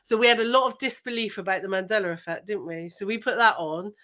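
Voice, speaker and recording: A woman's voice: mid-range voice, quick pace, sharp tone. A woman co-hosting a podcast, chatting casually, hopping between topics and laughing often. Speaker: podcast co-host. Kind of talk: casual chat.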